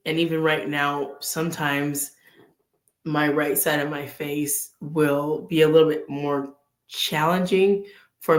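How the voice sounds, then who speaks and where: Earnest woman in a roomy echo. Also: low voice. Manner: earnest, acts out inner dialogue. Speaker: vlog host. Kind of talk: casual faith chat.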